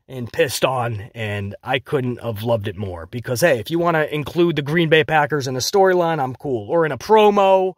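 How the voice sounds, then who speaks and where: A man reviewing a wrestling show in casual solo commentary, animated and jokey, slipping into quick mocking impressions. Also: a little high, dry recording, clean studio sound.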